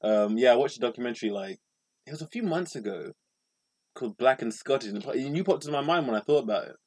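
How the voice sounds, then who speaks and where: Animated man telling stories. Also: medium pitch, quick pace. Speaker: podcast co-host. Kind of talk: casual chat.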